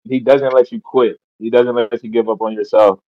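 A man's voice: medium pitch, level tone, moderate pace. A man, a guest in a casual interview, speaking earnestly with frequent stammered repeats. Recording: dull lo-fi call audio.

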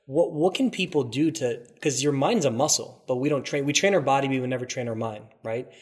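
A man's voice: medium pitch, a little fast, darkish tone. Enthusiastic podcast host man. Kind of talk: casual interview chat.

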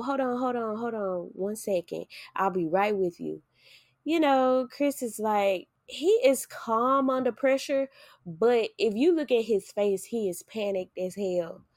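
Animated woman telling a story, dry close mic. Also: medium pitch, no room sound. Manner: animated, acts out quotes, swears freely. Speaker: podcast host telling her story. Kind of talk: casual storytelling chat.

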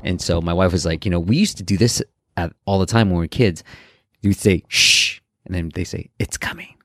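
A man's voice: low voice, a little fast, fairly bright tone, no echo, studio quality. A man hosting a podcast, telling a family story in a playful way and laughing easily. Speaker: podcast host. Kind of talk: casual podcast chat.

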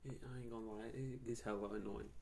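A man's voice: medium pitch, steady tone, fast, darkish tone, a little hiss or hum. Loose, profane young man telling stories. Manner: loose, profane, slangy and rambling, laughing often. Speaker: podcast host. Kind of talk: casual storytelling chat.

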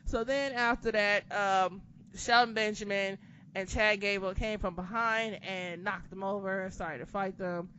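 A woman's voice: medium pitch, measured pace. Profane, sarcastic woman recapping wrestling. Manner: profane, sarcastic, animated retelling. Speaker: podcast co-host. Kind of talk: casual wrestling recap chat. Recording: dull lo-fi sound with background noise.

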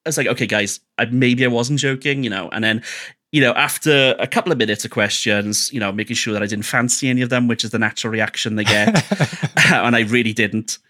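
A man's voice: lowish voice, quick pace, sharp tone. A man, a podcast guest, telling candid personal stories in a chatty, self-deprecating way, often restarting his sentences. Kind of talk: candid storytelling conversation.

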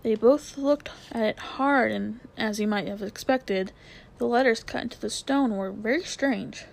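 A woman narrating a children's novel aloud with expressive storytelling, lowering her voice for suspense. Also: unhurried, creaky.

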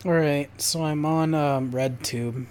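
A man's voice: fairly high pitch, steady tone, takes it slowly, darkish tone, slight background noise. A man co-hosting a podcast, casually chatting and recapping a plot in a rambling, profane way. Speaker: podcast co-host. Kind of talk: casual chat.

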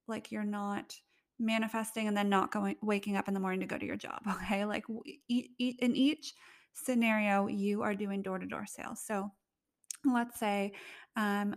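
A young adult woman hosting a casual solo podcast, chatty, filling her talk with "like" and laughing often. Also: mid-range voice. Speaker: podcast host.

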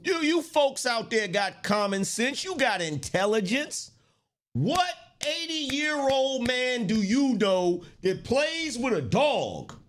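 Animated, slow-talking mocking male host. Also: extremely high pitch. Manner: mocking, repetitive, laughs often. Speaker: podcast host. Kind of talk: casual political commentary.

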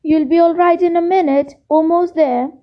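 A woman reading aloud voices a sharp, clever schoolgirl who speaks briskly. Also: extremely high pitch, fairly even intonation, dull audio, voice pushed up. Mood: anxious.

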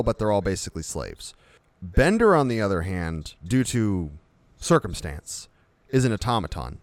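A man's voice: on the low side, no echo. Rambling man in casual chat, dry sound. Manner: rambling storyteller, builds vivid comic examples. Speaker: podcast co-host.

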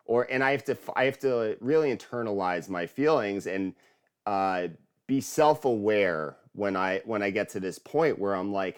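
A man's voice: on the low side, normal speed, smooth. A man on a podcast in casual chat, self-mocking and earnest, who draws out the words he stresses.

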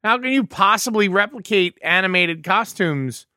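A man co-hosting a casual podcast chat, who speaks in a halting, musing way with frequent restarts. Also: sits high, animated, bright, forceful tone, no room sound, studio quality. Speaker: podcast co-host.

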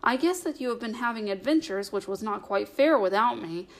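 A woman's voice: a little high, animated, brisk. A woman reading as Merry, a shrewd young hobbit. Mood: curious. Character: young male hobbit, shrewd and caring friend.

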